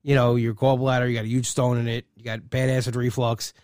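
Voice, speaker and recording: A man in his forties talks casually as a podcast host, his voice sitting in a middle pitch. He rambles and restarts his sentences often. The studio sound is close and dry. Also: flat delivery, a little mellow, clean tone, no room sound. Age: 40s. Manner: rambling, halting with many restarts. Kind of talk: casual chat.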